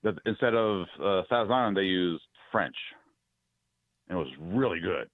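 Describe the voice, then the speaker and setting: Deep-voiced American male caller. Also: normal speed, no echo, narrow, tinny audio. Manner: relaxed storytelling with hesitations. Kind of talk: casual call-in chat.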